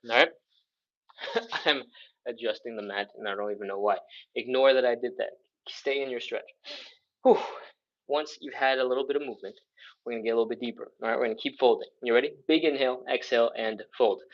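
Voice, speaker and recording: A man leads a live stretching session, calling out counts and breathing cues at a quick, upbeat clip. His pitch sits in an ordinary middle range, and he slips in little jokes as he coaches. The stream audio is dull and lo-fi. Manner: energetic cueing and counting aloud; jokey, talks fast. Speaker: stretching instructor. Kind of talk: live follow-along workout coaching.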